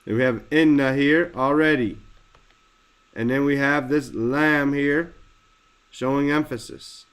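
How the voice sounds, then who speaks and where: A man leads a lesson on a religious text. He explains it word by word and slows down to stress each key term. His voice sits at an ordinary middle pitch. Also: fairly even intonation, fairly bright tone, clear, resonant tone. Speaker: teacher.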